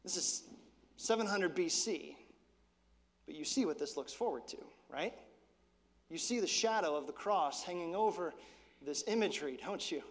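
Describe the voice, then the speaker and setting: A man with a high-pitched voice delivers a sermon in a church, in a loose, chatty preaching style. He drops his voice low and quiet for emphasis. The sound carries a long, ringing hall reverb. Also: animated, moderate pace, pauses often. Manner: conversational preaching, drops to soft intensity. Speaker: pastor.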